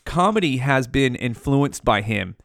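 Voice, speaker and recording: A man's voice: mid-range voice, lively intonation, a little slow, vocal fry, fairly bright tone, dry recording, clean studio sound. A man hosting his own show, talking in a rambling, profane, slangy monologue. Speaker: podcast host.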